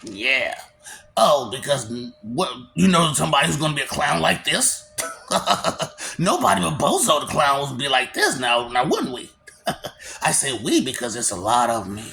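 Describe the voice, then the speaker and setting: A man's voice: mid-range voice, gravelly, pushed and bright, a little hiss or hum. A man giving a rambling solo monologue in a manic, taunting way, breaking into cackles between lines. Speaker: vlogger.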